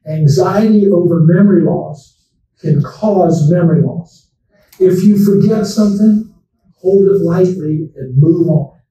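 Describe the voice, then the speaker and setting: Folksy doctor in an echoey hall. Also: male voice, sits high, mellow. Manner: folksy storytelling, addresses the audience directly. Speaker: memory doctor giving a talk. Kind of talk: conversational public talk to seniors. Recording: echoey room, distant from the mic.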